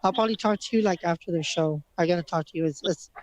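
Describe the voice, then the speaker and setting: A woman's voice: lowish voice, quick pace, a little mellow, poor audio. A woman hosting a call-in radio show, friendly and a little hesitant, often repeating words. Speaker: radio host. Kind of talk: casual call-in radio chat.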